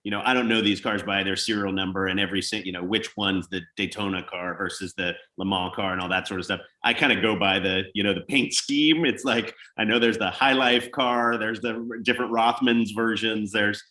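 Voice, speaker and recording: A man hosting a casual interview, asking questions in a relaxed way with restarts. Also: fairly low pitch, fairly quick, hardly any pauses, reverberant. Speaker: host, interviewer.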